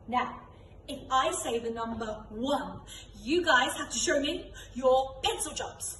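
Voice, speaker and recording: A young woman with a fairly high voice leads a children's dance class, calling out game commands with upbeat energy. She is recorded by a camera some distance away in an echoey studio room, with faint ambient noise behind her. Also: lively intonation, takes it slowly, a bit bright. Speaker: drama and dance teacher. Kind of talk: leading an online children's class.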